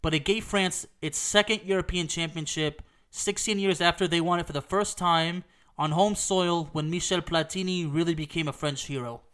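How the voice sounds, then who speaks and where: Excitable high-voiced man, allergy-stuffy. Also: normal speed. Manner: emphatic, repeats himself, swears, asks "okay?". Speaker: football fan recounting a match. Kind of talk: excited casual storytelling.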